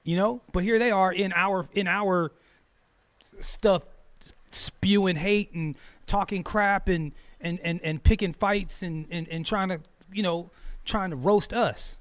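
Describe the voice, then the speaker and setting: A man with a high-pitched voice hosts a streamed talk show at a measured pace. He speaks casually and profanely, gets heated, laughs often and stumbles over repeated words.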